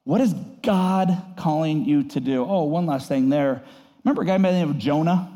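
A male pastor preaching a sermon in an animated, conversational way, often acting out the voices in his stories. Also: on the high side, moderate pace, big-room sound.

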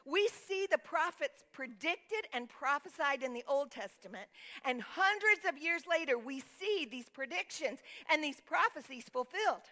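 A woman's voice: high-pitched, animated, moderate pace, sharp tone. A woman preacher delivering an emphatic sermon, reading scripture and calling on the congregation to answer back. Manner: emphatic, calls for congregation responses; reads scripture aloud.

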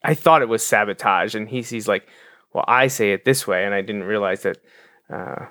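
Man, podcast co-host, casual rambling chat, stammering restarts, lowish voice, dry close sound. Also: normal speed, bright, forceful tone, dry recording.

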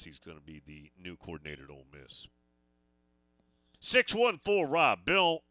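A sports talk radio host rambles through stories and listener texts. His voice is very bright and his pitch moves a lot. The sound is close and dry. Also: no room sound. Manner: rambling, reading listener messages.

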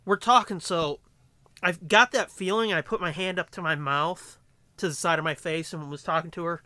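A man co-hosting a podcast, telling a casual, profane story in an animated way. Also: on the high side, normal speed, no room sound. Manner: animated, profane storyteller doing voices in quotes. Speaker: podcast co-host. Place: podcast studio. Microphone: studio mic up close.

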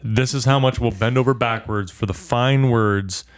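A man co-hosting a casual late-night podcast, mid-pitched and ordinary in tone. He teases his co-hosts with wry, mock-exasperated asides. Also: moderate pace, clear, resonant tone. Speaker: podcast co-host.

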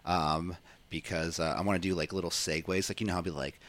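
Low-voiced rambling podcast host man. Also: quick pace. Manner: animated, rambling, many fillers. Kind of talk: casual podcast chat.

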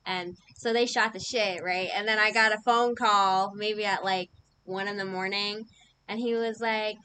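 A young woman co-hosting a casual chat, telling stories in an animated way, swearing freely and laughing often. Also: mid-range voice, measured pace, slight background noise, low-quality recording. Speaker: podcast co-host.

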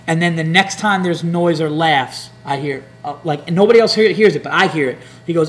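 Speaking briskly and barely pausing, a comedian podcast host with a fairly high voice rambles through a lengthy, swear-filled story. In this casual chat he performs the hecklers' lines along the way.

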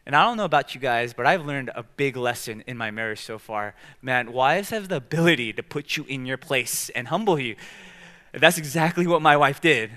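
A young man preaching a sermon as pastor, telling stories in an animated way in a church. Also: medium pitch, normal speed. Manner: animated storytelling, acting out quoted outbursts. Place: church sanctuary.

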